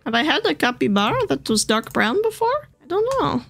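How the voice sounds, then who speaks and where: A woman's voice: high-pitched, fairly quick, gravelly. Gushing woman playing a cute game. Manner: gushing, excitable, gasps and squeals. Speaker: gaming video host. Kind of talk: casual gameplay commentary. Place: home room. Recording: dry close sound with game music.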